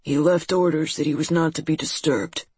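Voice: mid-range voice, steady tone, normal speed, a little mellow, breathy edge, no room sound, close to an everyday voice. Reader doing a surly big guard. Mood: stubborn.

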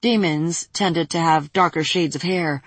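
A woman narrating a fantasy story aloud in a steady, even reading voice. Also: low-pitched, unhurried, slightly rough, no room sound.

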